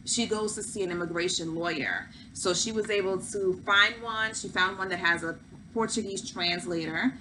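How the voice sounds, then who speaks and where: A woman's voice: fairly low pitch, background noise. A woman hosting a casual recap of a reality show, chatty and opinionated, with lots of fillers. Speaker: host.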